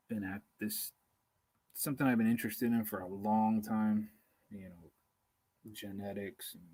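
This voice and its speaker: A man's voice: on the low side, a little mellow, slightly rough, poor audio. A man hosting a live stream outdoors, chatting in a rambling, casual way, hungry and tired, chuckling as he reads comments aloud. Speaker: beekeeping livestream host.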